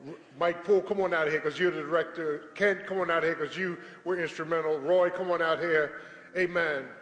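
A man's voice: on the high side, fairly even intonation, a little fast, fairly bright tone. A pastor addressing his congregation in a service, exhorting with call-and-response. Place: large church sanctuary. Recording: echoey church hall with congregation.

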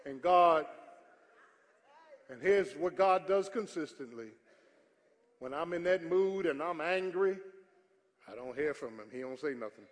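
A male pastor preaching a sermon with call-and-response, building up to shouting. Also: on the high side, expressive, a little slow, long pauses. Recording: church hall reverb with faint congregation.

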